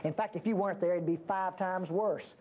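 A woman's voice: lowish voice, a little fast, breathy edge. A woman teaching a Bible passage to a church group in a conversational way, acting out the prophet's pleas as she explains them. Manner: animated, acts out the prophet's pleas. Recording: dull lo-fi tape with faint hiss.

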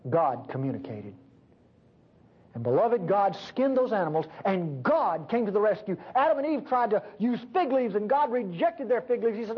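Husky high-voiced man preaching fervently. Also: very animated, normal speed. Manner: fervent, swinging between loud emphasis and hushed lows. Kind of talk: sermon. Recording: dull lo-fi recording.

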